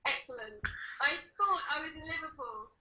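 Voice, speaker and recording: A woman's voice: high voice, lively intonation, moderate pace, pushed and bright, low-quality recording. A British woman co-hosting a casual video call chat, dry and reserved. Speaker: co-host.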